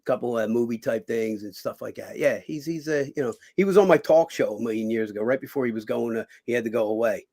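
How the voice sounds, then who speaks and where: A middle-aged man, telling animated, profane stories as a guest on a talk show. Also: medium pitch, quick pace, hardly any pauses. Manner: animated storyteller acting out quoted voices, swears freely. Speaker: guest, former boxer and actor. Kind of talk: casual storytelling interview.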